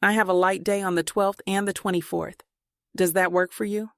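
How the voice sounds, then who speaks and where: A woman's voice: mid-range voice, normal speed, no echo, studio quality, lightly acted. A woman voicing a laid-back, joking grown man in a storybook reading. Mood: polite. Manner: relaxed, joking, casual speech.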